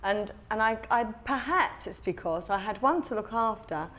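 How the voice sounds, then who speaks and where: A woman's voice: medium pitch, expressive, normal speed, fairly bright tone, a little hiss or hum. An English woman on a parenting panel, speaking in a modest, matter-of-fact way. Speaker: panel guest. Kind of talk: casual panel chat.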